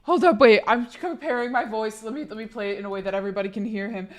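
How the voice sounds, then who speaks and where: Young woman streamer, hoarse, chatty and swearing, a little high. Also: fast talker. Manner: chatty, profane, laughing, reading chat aloud. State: hoarse from being sick. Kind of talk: casual live-stream chat.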